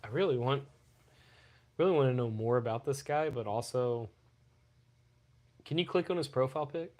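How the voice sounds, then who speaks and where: A man co-hosting a loose podcast, riffing and cracking crude jokes. His voice sits at an ordinary pitch, and he curses freely as he rambles. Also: moderate pace. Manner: crude, joking, loud bursts, profanity. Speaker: podcast co-host. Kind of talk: casual podcast banter.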